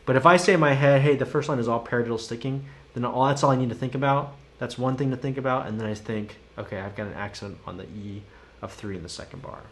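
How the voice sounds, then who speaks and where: In this live drum lesson, a man with a steady, medium-pitched voice moves at a quick pace, chanting syllables for each sticking as he explains rhythms. His manner is easygoing and supportive, he talks with viewers, and slight background noise is present.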